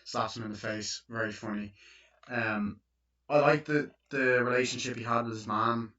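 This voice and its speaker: A man's voice: mid-range voice, steady tone, normal speed, bright, forceful tone. A man giving a casual, rambling spoken film review, full of fillers and swearing. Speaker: movie reviewer. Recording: dull lo-fi recording.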